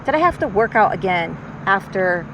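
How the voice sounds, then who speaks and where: Out on a lake on her paddleboard, a middle-aged woman hosts her podcast as a casual, very animated monologue in a medium-pitched voice at moderate pace. She rambles chattily and reflects on herself, while boat noise from passing boats fills the outdoor recording.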